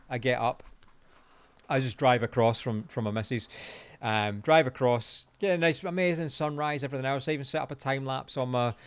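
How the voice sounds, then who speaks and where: A Scottish man in his forties, a podcast co-host telling a long anecdote in casual chat, animated and sweary, laughing as he goes. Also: mid-range voice, smooth, dry recording. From Scotland.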